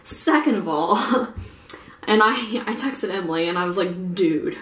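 A woman's voice: fairly low pitch, lively intonation, measured pace, fairly bright tone. A young woman from Ohio vlogging casually, rambling along with many fillers. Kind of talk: casual chat. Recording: echoey room with faint ambience.

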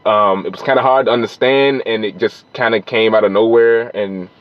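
A man's voice: fairly low pitch, fairly even intonation, normal speed, highs cut off. A man reviewing a film in a loose, rambling monologue, full of fillers and restarts.

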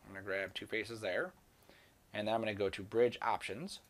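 A man giving a screen-recorded software tutorial, talking casually and rambling to himself as he works. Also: on the low side, steady tone, a little fast. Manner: casual, rambling, talks to himself while working. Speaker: 3D software instructor.

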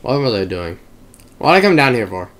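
A young man talks his way through a game with loud, hyper outbursts and plenty of swearing. His pitch leaps around wildly from mumbles to yelps. It's casual gaming commentary with a rambling, scattered flow. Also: very animated, a little fast. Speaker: gamer.

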